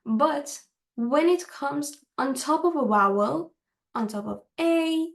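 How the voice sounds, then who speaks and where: A woman's voice: sits high, slow pace, creaky. A woman teaching a language lesson, explaining carefully and repeating words for practice.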